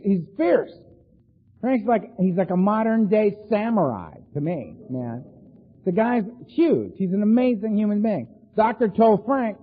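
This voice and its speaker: A middle-aged man with an animated, laughing storytelling manner, speaking at a recovery meeting. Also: sits high, a little slow. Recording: phone-like sound in a long-reverb hall.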